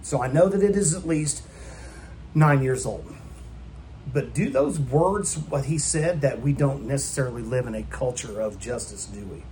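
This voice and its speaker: A man's voice: medium pitch, expressive, normal speed, darkish tone, slight background noise. A man preaching a sermon in a church, emphatic and full of rhetorical questions put to the congregation. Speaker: pastor.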